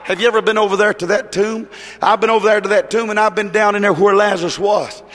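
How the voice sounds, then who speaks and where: Male preacher, fervent rhythmic sermon building to shouts, high-pitched, long hall reverb. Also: steady tone, quick pace.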